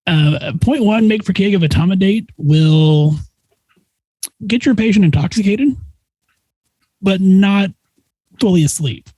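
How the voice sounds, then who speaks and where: A man's voice: high-pitched, measured pace, long pauses, no echo, low-quality recording. A man guesting on a podcast as a nurse practitioner, telling a story casually and acting out the voices of the people in it. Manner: animated, acts out quoted voices.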